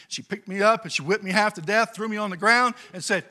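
Male pastor, middle-aged, bright tense voice, fairly high pitch, lively storytelling sermon. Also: fast. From California. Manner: animated storytelling, swings from quiet to loud.

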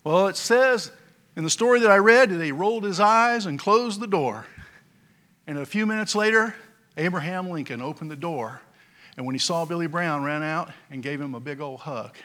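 A male pastor delivers a sermon in a folksy, storytelling style, scattering fillers throughout. His voice is somewhat high for a man, and at a moderate pace he swings between loud, emphatic lines and quiet asides.

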